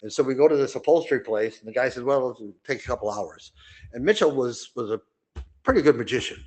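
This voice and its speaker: A man's voice: expressive, quick pace, darkish tone. Rambling older man telling stories. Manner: rambling anecdotes with many fillers and restarts; acts out quoted people with sudden high voices. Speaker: podcast co-host. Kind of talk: casual storytelling chat.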